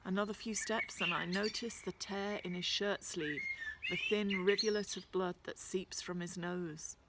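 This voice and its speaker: A woman reading first-person storybook narration in a lively, expressive way. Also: on the low side, gravelly, heavy background noise.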